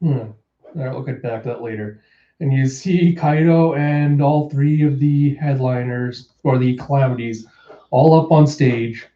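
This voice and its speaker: A man's voice: medium pitch, fairly even intonation, measured pace, roomy sound, muffled recording. A man casually narrating and commenting on a comic chapter, with fillers and loose phrasing. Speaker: comic reviewer. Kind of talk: reaction reading with commentary.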